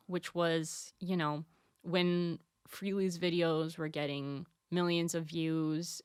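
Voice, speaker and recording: A woman's voice: fairly low pitch, clear, resonant tone. Blunt young woman YouTuber. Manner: candid, blunt, laughs often. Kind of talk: casual commentary to camera.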